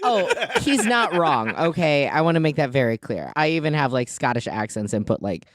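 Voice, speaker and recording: A podcast guest in casual chat, ranting about a scene in an animated, exasperated way. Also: mid-range voice, moderate pace, dry recording, clean studio sound.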